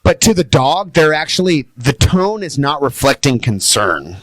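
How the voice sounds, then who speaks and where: A man with a fairly high speaking voice explains dog training as a guest on a podcast, lively and animated, often slipping into playful voices to act out owners. The sound is close and dry, with no room in it. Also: moderate pace, no room sound. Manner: animated, acts out high excited voices when quoting owners. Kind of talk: podcast interview. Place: podcast studio.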